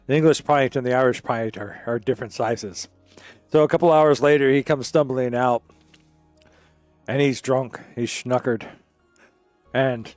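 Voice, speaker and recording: Over a streaming microphone with no echo, a man hosting a game stream tells jokes in loose, wandering casual chat. His voice is mid-range and a little mellow.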